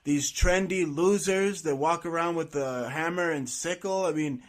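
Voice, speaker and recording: A man with a slightly high voice hosts an interview. He talks eagerly, stumbling through restarts and fillers as he pushes the conversation along. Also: unhurried. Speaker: interview host.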